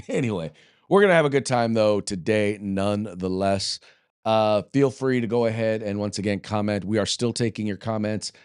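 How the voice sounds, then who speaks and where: A man's voice: fairly low pitch, normal speed, darkish tone, clear, resonant tone, dry recording, clean studio sound. An American man hosting a political commentary show, talking loosely with jokes, fillers and restarts. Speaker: podcast host.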